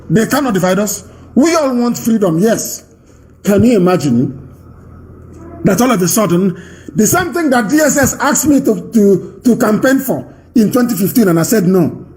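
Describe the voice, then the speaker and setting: A man with a Nigerian accent giving an impassioned live radio address, emphatic and repetitive, with commanding declarations that rise to shouts. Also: fairly high pitch.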